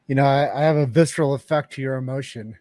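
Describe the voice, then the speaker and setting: Host: man, mid-pitched, dry close sound, energetic and emphatic. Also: fast talker, no room sound. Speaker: podcast host. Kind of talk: podcast interview conversation.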